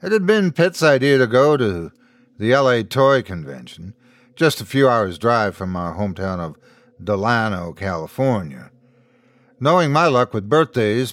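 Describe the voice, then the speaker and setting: A man's voice: mid-range voice, no echo. A man narrating a scripted horror story as host, in a dry, close recording. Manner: storytelling, expressive.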